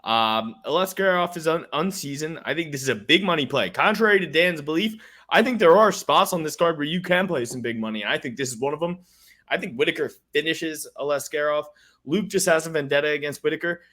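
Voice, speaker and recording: A man's voice: on the high side, fairly quick, bright, forceful tone. A man co-hosting a sports betting podcast, brash, profane and emphatic in casual chat. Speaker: podcast co-host making fight picks.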